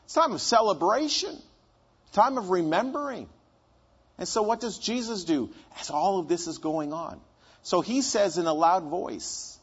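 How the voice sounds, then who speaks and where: Male preacher, high husky voice, chatty sermon style, lo-fi recording. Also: lively intonation, measured pace. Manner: conversational, asks and answers his own questions.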